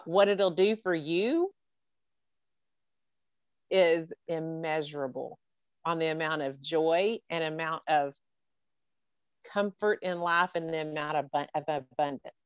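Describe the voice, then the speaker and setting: A low-voiced woman speaks with earnest, emotional warmth as she hosts a podcast from a video call. The sound is dry and slightly dull and lo-fi. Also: a little slow, pauses often, clear, resonant tone, no room sound. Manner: earnest, emotional, full of praise. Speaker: podcast host. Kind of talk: heartfelt podcast chat over a video call.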